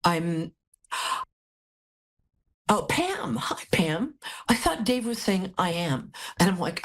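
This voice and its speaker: A woman's voice: on the low side, big pitch swings, measured pace, husky. A woman hosting a live call-in tarot reading, chatty and affectionate, a little out of it after a hospital stay. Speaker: psychic reading host.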